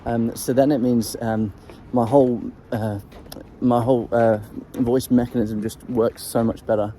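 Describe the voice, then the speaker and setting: Man with a dark, mellow tone, mid pitch, unscripted vlog explaining voice technique with lots of fillers, faint outdoor noise behind. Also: little pitch movement, a little slow, rough recording. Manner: rambling, hesitant, full of ums and restarts; demonstrates throat sounds while talking. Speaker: voice coach sharing singing tips.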